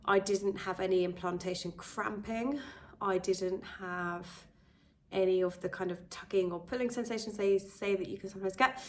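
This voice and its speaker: A British woman talks straight to camera in a casual vlog, her voice sitting at an ordinary middle pitch. She sounds congested from a cold, and her delivery is candid and rambling. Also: fairly even intonation, normal speed. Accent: British English. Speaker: vlogger and fitness instructor. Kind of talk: casual pregnancy update vlog.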